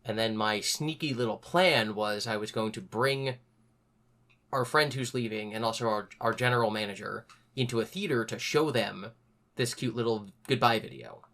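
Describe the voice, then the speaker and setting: Bright-voiced young man telling a story. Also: on the low side, normal speed. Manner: animated, acts out other people's lines in a raised voice. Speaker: podcast host. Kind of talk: casual storytelling chat.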